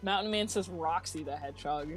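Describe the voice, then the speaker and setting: A woman's voice: lowish voice, brisk, soft background music. A woman co-hosting a livestream, reading chat aloud in a casual, giggly way and laughing often. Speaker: stream co-host reading chat.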